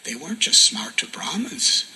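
A man giving a sermon as a devotional story, soft-spoken and often dropping to a near whisper for emphasis. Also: moderate pace, poor audio. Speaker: spiritual teacher.

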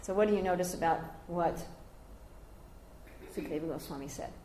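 A woman's voice: brisk, slight background noise. Older woman teaching a scripture class, echoey. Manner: animated storyteller, jumping high when quoting others. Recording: roomy echoey room.

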